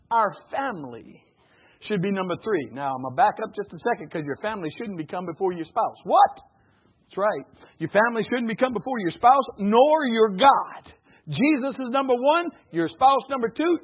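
Folksy preacher, husky and high. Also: male voice, a little fast. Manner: folksy, animated, calls for audience responses, laughs often. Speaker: pastor. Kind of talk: sermon. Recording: phone-like narrow band.

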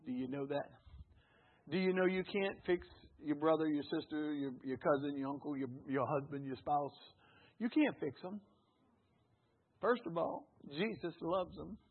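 A man's voice: on the high side, breathy edge. A man preaching a sermon, exhorting his congregation in repeated phrases and calling on them to say words back. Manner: exhorting, repetitive. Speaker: pastor. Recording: tinny phone-like recording.

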